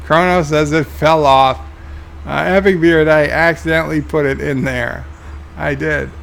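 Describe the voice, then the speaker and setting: A man's voice: a little high, fairly even intonation, measured pace, creaky, a bit bright, slight background noise. A man streaming a game, reading viewer comments aloud with dry, offhand replies. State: tired, yawning. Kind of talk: casual live-stream commentary.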